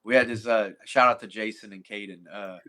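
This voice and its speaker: A man speaks in a bright, forceful voice. He is a middle-aged jiu-jitsu coach who lectures bluntly and swears freely in a relaxed podcast conversation. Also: lowish voice, brisk. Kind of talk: casual podcast chat.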